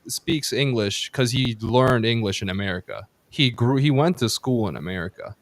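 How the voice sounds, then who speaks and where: A man's voice: medium pitch, no room sound. A man hosting a casual political podcast, heated and profane, rambling with restarts on a close mic. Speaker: podcast host.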